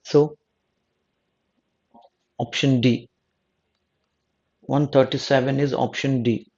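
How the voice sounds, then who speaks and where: A male exam coaching teacher from South India works through test answers in a flat, slow delivery, his medium-pitched voice darkish, with the highs cut off. He often restarts, rephrases mid-sentence, repeats himself and asks "no?".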